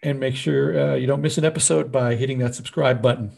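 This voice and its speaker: A man co-hosting a podcast, chatting easily and wrapping up an episode with a few hesitant fillers. His voice is gravelly and somewhat husky, at a middle pitch. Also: steady tone, brisk, a little mellow. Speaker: podcast co-host. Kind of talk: casual chat.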